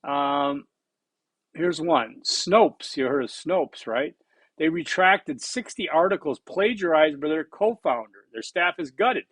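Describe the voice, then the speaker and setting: A man's voice: a little high, lively intonation, slow pace, a bit bright, no room sound. A man in his sixties giving a recorded college lecture, blunt and conversational, repeating points for emphasis. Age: 60s. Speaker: college instructor.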